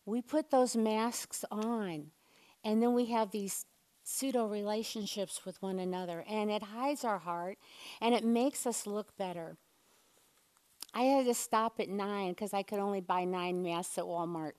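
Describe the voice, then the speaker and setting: A woman giving a lively, playful sermon, chatting with the congregation and leading them in call-and-response. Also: medium pitch, a little slow. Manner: playful, chatty, uses props and leads the room. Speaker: church speaker.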